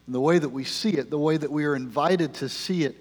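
Pastor with a mic in a reverberant sanctuary. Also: male voice, fairly high pitch, fast talker, husky. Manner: frequent "uh" fillers, swings from loud rallying to hushed prayer. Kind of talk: sermon. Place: church sanctuary. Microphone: handheld microphone. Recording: long hall reverb.

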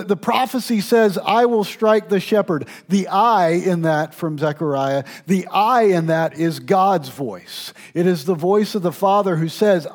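A man preaching a sermon, swinging between loud emphatic stretches and hushed, intimate ones, with occasional restarts and fillers. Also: high-pitched. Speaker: pastor.

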